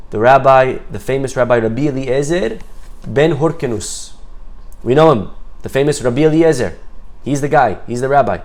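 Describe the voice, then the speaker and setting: Man telling a Torah story. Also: mid-range voice. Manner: lively storyteller, acts out quoted voices; mixes in Hebrew phrases. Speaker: teacher.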